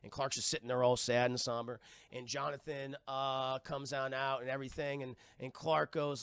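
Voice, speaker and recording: Animated, profane man reviewing a film live. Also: mid-range voice, moderate pace, clean tone, dry recording. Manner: animated, profane, acts out scenes while retelling them.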